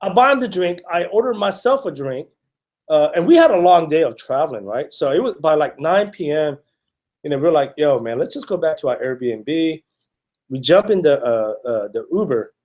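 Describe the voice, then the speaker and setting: A man's voice: fairly high pitch, a little fast. A man co-hosting a casual podcast, rambling with many fillers and restarts and telling stories with acted-out quotes. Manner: animated storytelling with acted-out quotes. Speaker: podcast co-host.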